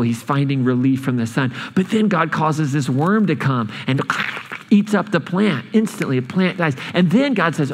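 A man preaching a sermon, storytelling with lively changes of speed and emphasis in a church hall. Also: a little high. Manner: animated storytelling, speeding up and slowing down. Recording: long hall reverb.

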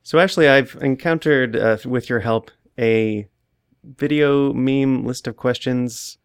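A man leading a casual interview with a gravelly, fry-tinged voice at a middle pitch. His delivery is dry, with offhand joking asides between the questions. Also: slow. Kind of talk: casual chat.

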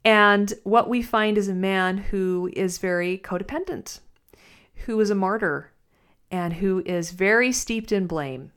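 A woman hosting a podcast, talking in a thoughtful, halting way with many restarts. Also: medium pitch, fairly bright tone, clean tone. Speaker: podcast host. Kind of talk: reflective spoken commentary.

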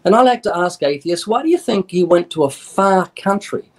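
During a radio interview, an evangelist guest makes his points with earnest, emphatic conviction, quoting scripture and slipping into short acted-out dialogues. His voice sits a little high, and he's animated at a normal speed.

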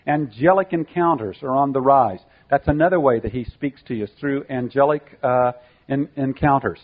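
A man preaching a sermon, teaching earnestly and driving points home by repeating them. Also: medium pitch. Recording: tinny phone-like sound.

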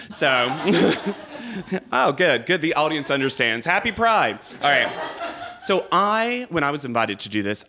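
A man's voice: mid-range voice, background noise. A man from North Carolina, a comedian, doing wry stand-up on stage before a live audience. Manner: wry and joking. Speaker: comedian guest.

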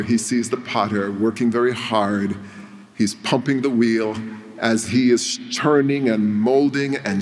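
A male preacher delivering a sermon, telling a story with dramatic pauses. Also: medium pitch, a little mellow. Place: church. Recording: long reverb of a church hall.

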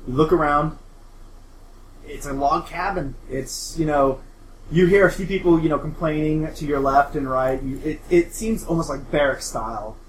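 A man's voice: on the high side, normal speed, reverberant, slight background noise, rough recording. Rambling male game master. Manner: loose, rambling narration with fillers and laughter. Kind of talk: narrating a horror tabletop game.

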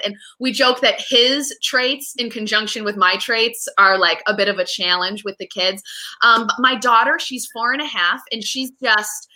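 Casting: woman, 30s, animated interview guest, bright and higher voice, chatty. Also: moderate pace. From United States. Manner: animated, chatty, frequent fillers and restarts. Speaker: guest, real estate agent and mom. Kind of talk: casual interview chat.

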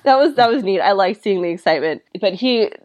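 A woman's voice: mid-range voice, animated, quick pace, a little mellow. A woman co-hosting a podcast, chatting casually and enthusiastically about a comic book, often laughing and acting out quotes. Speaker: podcast co-host reviewing comics. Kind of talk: casual chat.

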